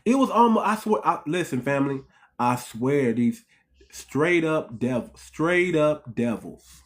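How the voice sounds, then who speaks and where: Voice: mid-range voice, animated, measured pace. A channel host in a heated commentary monologue, repeating points and firing off rhetorical questions at the audience, whom the host keeps calling family. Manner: rhetorical questions, emphatic restarts.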